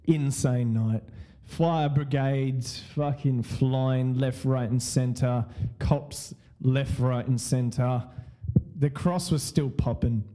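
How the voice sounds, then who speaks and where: A man's voice: mid-range voice, fairly even intonation, slow pace, dark tone. A man hosting a podcast, telling a story casually in a rambling, repetitive way, laughing often and swearing freely. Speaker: podcast host.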